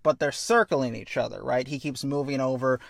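A young man chatting casually, acting out a story pitch with quick voice changes and swearing. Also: fairly even intonation, gravelly, no room sound, studio quality. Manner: acts out scenes with quick voice changes. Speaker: podcast co-host pitching a story. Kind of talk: animated storytelling chat.

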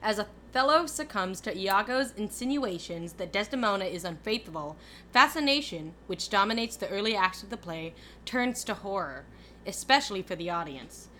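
A woman's voice: mid-range voice, expressive, normal speed, bright, forceful tone, slight background noise. A young woman co-hosting a podcast, reading a summary aloud and chatting casually, laughing and swearing playfully. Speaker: podcast co-host.

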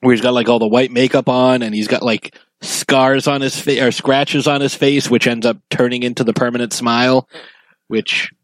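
Easygoing guy chatting about a movie, mid pitch, dry mic, lots of "you know". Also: normal speed, no room sound, poor audio. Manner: relaxed, agreeable, lots of fillers. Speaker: podcast co-host. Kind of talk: casual film discussion.

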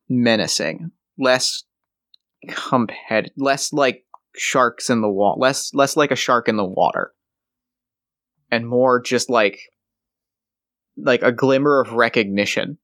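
Man narrating a role-play, halting. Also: mid-range voice, fairly bright tone, no echo, clean studio sound. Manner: halting, rambling narration with fillers. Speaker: game master. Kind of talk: improvised tabletop narration.

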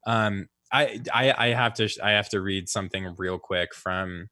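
A man's voice: on the low side, moderate pace, pushed and bright, dry recording. A man co-hosting a casual political podcast, rambling with many fillers and restarts. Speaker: podcast co-host.

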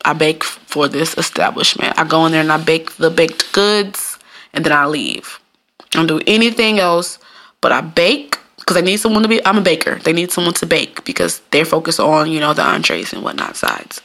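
Chatty, profane woman with a gravelly low voice. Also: expressive, normal speed, a bit bright. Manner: chatty, profane, laughs often, slips into high mocking voices. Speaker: cook and baker telling stories. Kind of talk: casual storytelling monologue.

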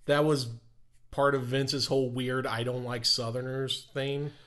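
A man co-hosting a casual wrestling podcast, sharing history in a relaxed, dry-humored way. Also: mid-range voice, unhurried. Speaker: podcast co-host. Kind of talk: casual chat.

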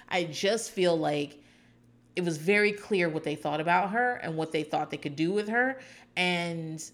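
A woman's voice: lowish voice, fairly bright tone. A woman hosting a podcast, recapping a reality show in casual, rambling chat with sarcastic asides.

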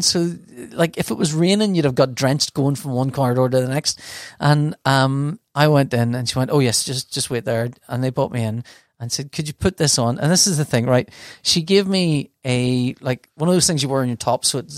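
A man's voice: mid-range voice, dry recording, studio quality. A man telling a long, rambling story in casual chat, often stopping to laugh and sounding flustered. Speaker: podcast host telling a story.

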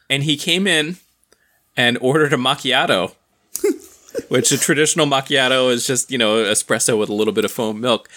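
A man chats on a podcast, telling a long, rambling story with amused asides. His voice is bright and forward, and his pitch sits in a middle range. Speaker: podcast co-host. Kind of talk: casual chat.

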